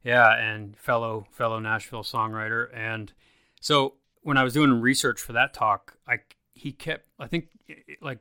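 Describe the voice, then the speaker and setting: A man's voice: mid-range voice, steady tone, normal speed, bright, forceful tone, smooth, dry recording, clean studio sound. A man hosting a casual interview, easygoing and agreeable, often stammering and restarting. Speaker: podcast host.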